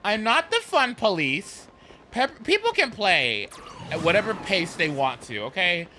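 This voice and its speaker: A man chatting casually while streaming a game, rambling and animated, with swearing and sudden whoops. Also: sits high, measured pace, a little hiss or hum. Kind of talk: casual gameplay chat.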